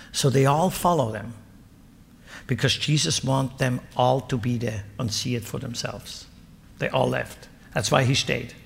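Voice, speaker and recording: A man preaching a sermon, reading scripture aloud and explaining it, rising to loud emphatic peaks and dropping to low asides. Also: creaky, in a large hall.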